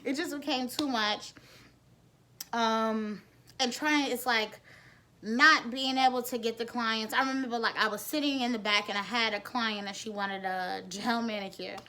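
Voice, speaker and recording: A woman's voice: a little high, fairly even intonation, normal speed, bright, forceful tone. A woman, telling her own story bluntly, with frequent cursing and rambling restarts. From the Bronx, New York. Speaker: nail technician. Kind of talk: candid personal storytelling.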